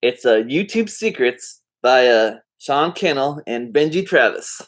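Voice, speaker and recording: A vlogger talks casually to the camera in an animated, unhurried, mid-range voice. He rambles, drifts off topic, and leans on lots of fillers and easygoing slang in a laid-back way.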